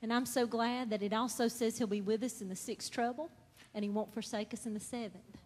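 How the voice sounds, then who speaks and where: Woman, high voice, earnest church testimony, long hall echo. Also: steady tone, a little fast, darkish tone. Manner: earnest, building to fervent. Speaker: testimony speaker.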